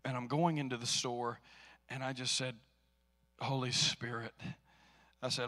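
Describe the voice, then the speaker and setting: Male pastor, mid-pitched, preaching with big swings from quiet to loud, long hall reverb. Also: level tone, moderate pace, pauses often. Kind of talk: sermon. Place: church sanctuary.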